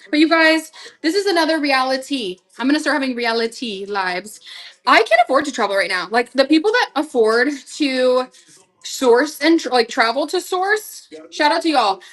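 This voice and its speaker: Young woman live-seller, chatty and gushing, a little high-pitched, casual stream host. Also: fairly bright tone, low-quality recording. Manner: chatty, gushing, talks straight to viewers. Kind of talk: casual live-selling chat.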